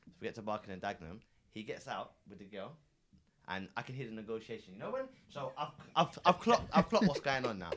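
A man's voice: fairly low pitch, fast. A man, a cab driver and podcast co-host, telling a story in casual slangy chat and acting out the people in it. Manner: animated, laughing, slangy, acts out voices.

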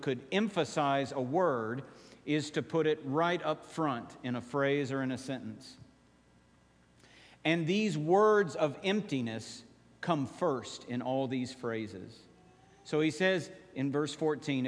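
A male pastor preaching a sermon, emphatic, dropping to quiet slow phrases and rising to urgent appeals. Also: fairly high pitch, big-room sound.

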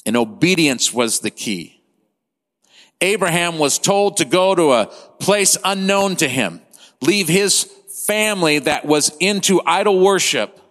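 A man in his fifties preaching a sermon as pastor, impassioned, swinging between loud and hushed delivery. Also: high-pitched. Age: 50s. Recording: long hall reverb.

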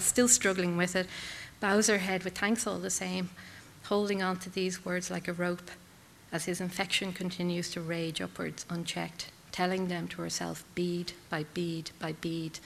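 Bright-voiced woman reading dramatic prose. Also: fairly low pitch, vocal fry, big-room sound, a little hiss or hum. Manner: measured, intense, clipped phrases. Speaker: reader.

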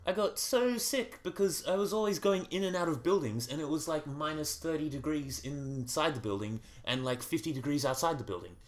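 A man's voice: a little high, fairly quick, few pauses. A man co-hosting a comedy podcast, easygoing and meandering with stumbling restarts. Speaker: co-host. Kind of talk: casual comedy podcast chat.

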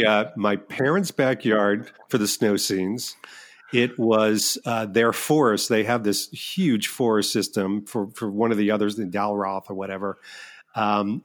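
A middle-aged man talks as a guest in a relaxed interview. He tells behind-the-scenes stories in an animated, self-mocking way. He often stumbles and restarts mid-sentence. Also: on the low side. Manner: animated, self-deprecating storyteller with frequent restarts. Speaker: filmmaker guest. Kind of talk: casual interview chat.

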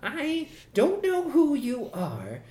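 Stammering high-pitched office boss voiced by a woman, jittery and fussy, roomy echo. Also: huge pitch swings, takes it slowly, warm tone, heavily acted. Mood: indignant. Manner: stammering, panicky.

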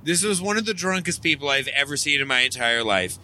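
A man co-hosting a podcast in a moving car, telling a wild anecdote in a profane, excitable way and laughing as he goes. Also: fairly high pitch, fairly quick, slight background noise. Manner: excitable, profane, laughs through his story. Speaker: podcast co-host.

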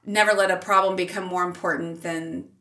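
A middle-aged woman, a mother and teacher, telling a family story as a podcast guest, animated and laughing often, with big leaps in pitch when she quotes herself. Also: a little fast, far from the mic. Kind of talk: casual storytelling in an interview.

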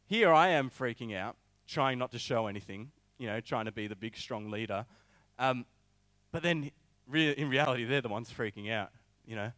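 A young man preaching a sermon, telling a personal story in an animated way with many filler words. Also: medium pitch, no echo.

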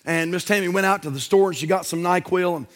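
A man's voice: high voice, fast, fairly bright tone. A male pastor preaching a sermon in a folksy, conversational way that builds in intensity.

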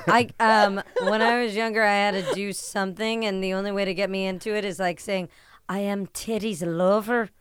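A young woman co-hosting a podcast in casual chat, chatty and trailing off with quick laughs. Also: mid-range voice, steady tone, a bit bright. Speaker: podcast co-host.

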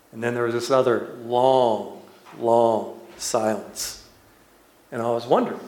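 A man preaching a sermon, telling a personal story in an unhurried, storytelling way. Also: medium pitch. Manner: unhurried storytelling, building to laughter. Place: church. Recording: echoey church room.

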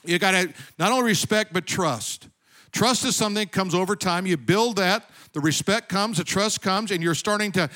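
A middle-aged man preaching a sermon as pastor, telling personal stories and building to loud, emphatic calls to the congregation. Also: high-pitched.

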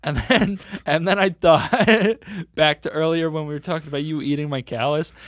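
A man's voice: on the high side, normal speed, dry recording, studio quality. A man co-hosting a podcast in casual comedic banter, teasing and laughing often. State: a bit out of breath. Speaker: podcast co-host.

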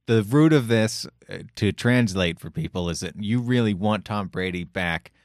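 A man's voice: lowish voice, expressive, normal speed, a little mellow, no echo. A man hosting a casual chat and asking questions in a dry, teasing way. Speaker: podcast host.

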